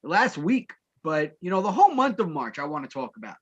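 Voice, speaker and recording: A man's voice: fairly high pitch, sing-song, a little fast, fairly bright tone, slightly rough. A man hosting a live sports talk show, bantering with his co-host in a playful, mock-formal way.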